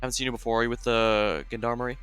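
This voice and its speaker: A man doing a gruff, defensive farmer. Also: medium pitch, level tone, racing, fairly bright tone, close to an everyday voice. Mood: suspicious. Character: defensive, surly male village farmer. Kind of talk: voicing a game story aloud.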